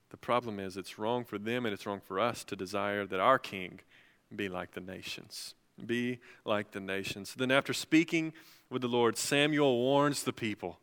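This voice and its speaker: Male pastor, sermon delivery, bright and resonant tone, passionate rising emphasis, hall reverb. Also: on the low side. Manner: preaching with swells of emphasis, building to loud passionate peaks.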